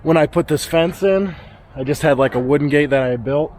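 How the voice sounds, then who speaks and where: Talking a little fast over background noise, a man vlogs outdoors on his homestead, a bit winded as he rushes around. He talks to his goats and calls to the animals in a high-pitched voice.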